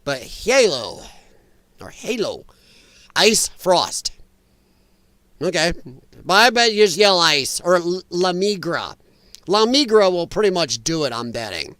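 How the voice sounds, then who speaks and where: A man hosting a live talk stream, chatting casually and bluntly as he reads and answers viewer comments, animated and quick to laugh. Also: sits high, smooth, dry recording. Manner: animated, blunt and opinionated, laughs and talks back to chat. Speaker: livestream talk show host.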